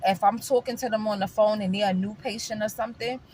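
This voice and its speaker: A woman's voice: mid-range voice, steady tone, quick pace, a little mellow, slight background noise. A woman from New York with a New York accent, talking to her viewers in an opinionated casual chat, emphatic and repetitive, calling them guys. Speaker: vlogger.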